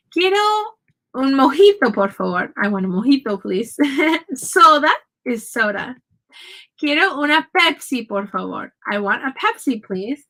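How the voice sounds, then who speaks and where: A woman's voice: on the high side, sharp tone, poor audio. A woman teaching a casual Spanish lesson from home, saying Spanish phrases and their English meanings in a chatty, patient way. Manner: chatty, explains slowly, switches between Spanish and English phrases.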